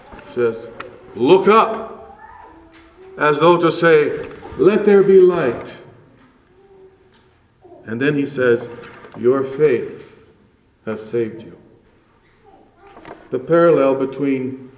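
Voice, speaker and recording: Man preaching slow and solemn, big rises then near-whispers, echoey church sound. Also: medium pitch, slight background noise. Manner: slow, measured preaching with dramatic rises and hushed drops. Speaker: pastor. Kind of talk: sermon.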